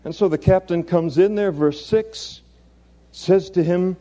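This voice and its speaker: A man's voice: high voice, unhurried, dark tone. A man preaching an expository sermon in a conversational way, chuckling and adding playful asides.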